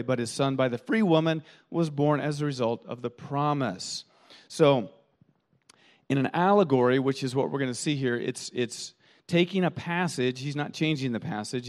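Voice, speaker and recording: A man pastor preaching a sermon, telling stories animatedly and often repeating words as he thinks. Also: a little high. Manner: animated storytelling with quoted voices.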